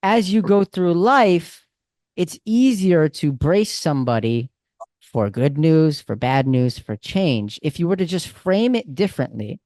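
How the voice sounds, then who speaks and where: Animated casual male coach, dry sound. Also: fairly high pitch, a little slow, dry recording. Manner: casual, animated, talks with friendly slang. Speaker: communication coach. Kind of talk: coaching over a call.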